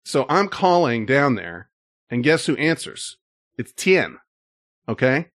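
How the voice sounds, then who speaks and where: Male host, casual rambler, mid-pitch, dry recording. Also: big pitch swings, slow, a bit bright, no room sound. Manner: rambling storyteller, many fillers. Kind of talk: casual chat.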